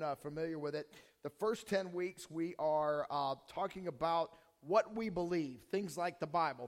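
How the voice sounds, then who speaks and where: Hoarse casual pastor in a reverberant hall. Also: male voice, on the high side. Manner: casual, joking, with many fillers and restarts. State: hoarse, voice strained. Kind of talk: sermon. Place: church hall before a congregation.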